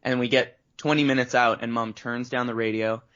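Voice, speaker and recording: A man from Canada tells rambling stories about his start as a voice actor, his voice sitting at an ordinary middle pitch. He slips into the voices of the people he quotes. The recording is dull and lo-fi. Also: little pitch movement, fairly quick, fairly bright tone. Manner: rambling storyteller, acts out quotes. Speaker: guest voice actor. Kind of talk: casual interview chat. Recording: dull lo-fi audio.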